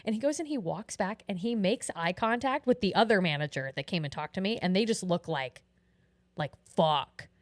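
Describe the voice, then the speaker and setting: A woman's voice: mid-range voice, moderate pace, dry recording. A woman co-hosting a podcast, telling a story in casual chat, acting out the voices and swearing freely. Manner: animated, acts out quoted voices, swears often. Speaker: podcast co-host.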